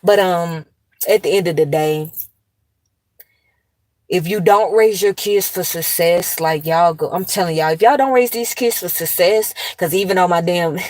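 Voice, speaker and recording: A woman in her thirties, a mother of two, talking straight to her viewers in a blunt, cursing, animated commentary rant. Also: on the low side, dry recording.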